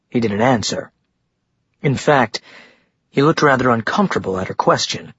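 A man narrating an audiobook in a steady storytelling manner. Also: medium pitch, moderate pace, breathy edge, dry recording. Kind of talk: scripted narration. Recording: dull dry muffled recording.

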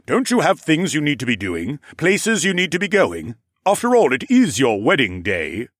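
A man voicing a big, impatient but friendly ram lord in an audiobook, talking in a gruff, blustery way. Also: fairly high pitch, huge pitch swings, moderate pace, a bit bright, no room sound, clean studio sound, voice pushed up, full character voice.

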